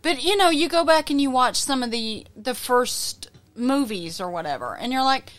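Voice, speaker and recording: High lively woman, wry podcast chat. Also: moderate pace. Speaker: podcast co-host. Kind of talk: casual chat.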